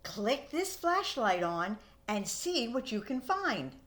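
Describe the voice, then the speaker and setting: A kindly, patient father who gently teases his little boy, as a woman reading a storybook voices him. His speech is slow and warm, rising and falling in a lively way, with little change from the reader's own voice. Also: a little high, exaggerated voice. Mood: gentle. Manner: calm, kindly, lightly teasing.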